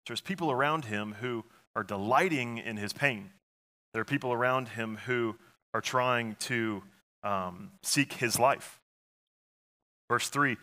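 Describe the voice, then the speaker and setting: A man's voice: mid-range voice, unhurried, bright, forceful tone. A man preaching a sermon in an earnest, conversational way, with frequent fillers and restarts. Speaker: pastor.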